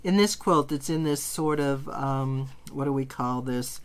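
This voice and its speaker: A woman's voice: a bass voice, measured pace, clear, resonant tone. A middle-aged woman giving a casual quilting tutorial, chatty and enthusiastic, gushing over her fabrics as she works. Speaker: quilting teacher.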